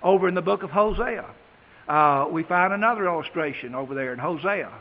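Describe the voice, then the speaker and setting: A man delivers a sermon, reading scripture slowly and emphatically before easing into plain talk with his listeners. His voice sits high for a man. The sound is muffled and lo-fi, with a long reverb trailing each phrase. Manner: slow emphatic scripture reading, then plain conversational aside. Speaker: preacher. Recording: dull, echoey hall.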